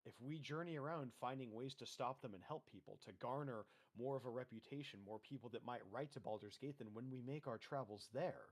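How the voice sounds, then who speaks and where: A man's voice: medium pitch, brisk, hardly any pauses. A man playing a tabletop game, speaking in character with earnest, speech-like conviction. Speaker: player. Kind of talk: in-character tabletop role-play.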